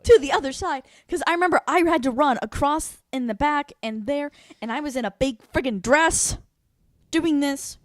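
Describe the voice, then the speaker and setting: A young woman co-hosting a podcast in casual chat, animated, laughing often and swearing freely. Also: high voice, moderate pace, dry recording, clean studio sound. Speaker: podcast co-host.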